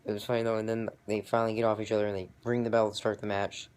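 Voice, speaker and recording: A young adult man casually recapping a wrestling event, rambling and excitable, with many fillers and restarts. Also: lowish voice, very fast, clear, resonant tone. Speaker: vlogger reviewing wrestling.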